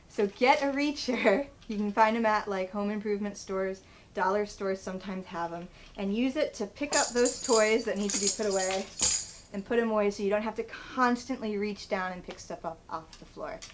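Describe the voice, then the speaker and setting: A woman's voice: mid-range voice, slight background noise, poor audio. Chatty woman physical therapist. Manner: chatty, laughs at herself while demonstrating. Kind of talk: instructional vlog demo.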